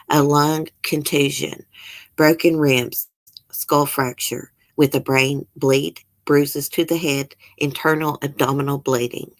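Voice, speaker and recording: A woman hosts a casual true-crime chat. She reads news aloud, breaks off with blunt remarks and gets openly emotional. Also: deep voice. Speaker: channel host.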